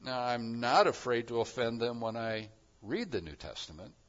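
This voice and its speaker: A man preaching a sermon as pastor, moving between quiet reflective passages and loud, emphatic declarations. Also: mid-range voice, animated, normal speed, dull audio.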